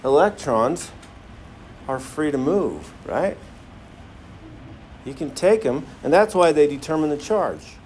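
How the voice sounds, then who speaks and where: This science teacher speaks slowly and expressively, leaving long pauses, his slightly high voice carrying a darkish tone over a light background hiss or hum. He fires question after question at the class and jokes around while demonstrating something in the classroom.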